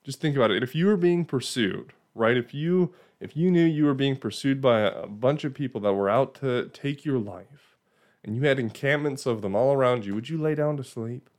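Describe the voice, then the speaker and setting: Man, Bible teacher, conversational, mid pitch, restarts phrases. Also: expressive, normal speed, darkish tone. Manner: conversational, asks "right?" often, restarts phrases.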